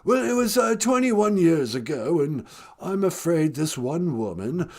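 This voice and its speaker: A man doing a comedy impression of a hesitant, stammering prince, slow and mournful. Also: a little high, sing-song, darkish tone, voice pushed down, heavily acted. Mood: mopey. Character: mopey posh British prince, male.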